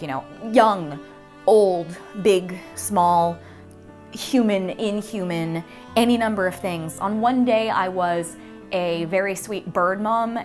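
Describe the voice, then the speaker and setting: A young woman, a voice actor, chatting casually in an interview, gushing and excitable, her voice leaping high when she gets worked up. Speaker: voice actor guest. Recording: faint music underneath.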